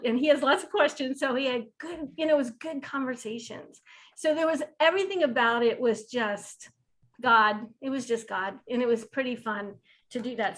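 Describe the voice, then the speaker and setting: A woman's voice: high-pitched, a bit bright, rough recording. A woman who leads a disability ministry, telling an enthusiastic, rambling story on a video call. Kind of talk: video call roundtable sharing.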